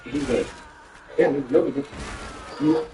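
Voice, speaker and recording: A man in casual chat, telling a story in an animated, profane way. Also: medium pitch, fairly quick, roomy sound, low-quality recording.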